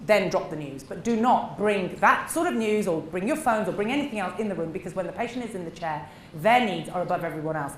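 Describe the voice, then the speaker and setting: A middle-aged woman, a dentist giving a seminar talk, animated and emphatic, acting out short exchanges. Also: lowish voice, fast talker. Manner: animated, acts out little dialogues, emphatic. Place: seminar room. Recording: echoey room with faint noise.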